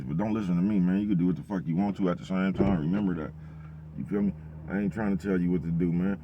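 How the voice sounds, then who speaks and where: A man, rambling in a casual monologue full of profane street slang and constant "bruh". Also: lowish voice. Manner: rambling, profane street slang, repeats "bruh" and "you know what I'm talking about". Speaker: vlogger.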